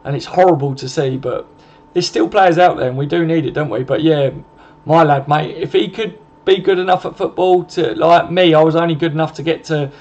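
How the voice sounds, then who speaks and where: A man's voice: fairly high pitch, brisk, darkish tone. A man hosting a casual live stream, chatty and matey, swearing freely and calling his viewers mate. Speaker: live stream host reading viewer comments. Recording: slightly muffled with faint background noise.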